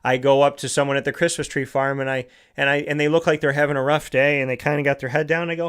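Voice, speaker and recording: A man's voice: on the high side, level tone, fast talker, hardly any pauses, a bit bright, clean tone. Man lecturing with rhetorical questions. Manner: lecturing with rhetorical questions, often asks "right?". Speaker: host. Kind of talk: motivational monologue.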